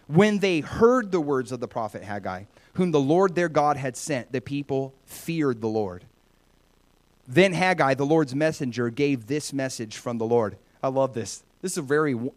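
A middle-aged man preaching a sermon, retelling scripture with lively voiced asides. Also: on the high side. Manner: animated, voices God and characters in bursts. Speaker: pastor.

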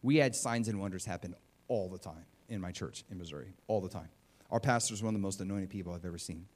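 A man preaching a sermon in an animated, conversational way, often acting out what people say. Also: sits low, quick pace. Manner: animated and conversational, acts out quotes.

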